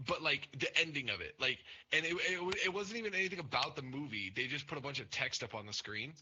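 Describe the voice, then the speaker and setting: A young man hosting a podcast, telling stories in casual chat, swearing often and jumping up in pitch as he acts out other people. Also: fast, muffled recording, slight background noise. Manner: swears a lot, animated storytelling with pitch jumps. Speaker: podcast host.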